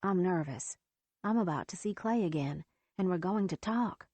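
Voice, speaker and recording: A woman narrating a first-person romance audiobook in a steady, measured reading. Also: fairly low pitch, dry recording.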